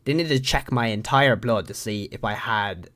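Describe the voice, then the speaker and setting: A man's voice: fairly low pitch, moderate pace, fairly bright tone. A young Irish man telling a story to camera in a rambling, profane, self-mocking way. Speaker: vlogger.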